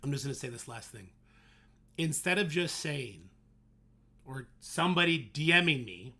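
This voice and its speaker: A man's voice: medium pitch, expressive, measured pace, pauses often, pushed and bright, breathy edge. A man streaming a game live and talking to his chat in an exasperated rant, swearing heavily. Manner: exasperated ranting, heavy swearing. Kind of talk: livestream talk to chat.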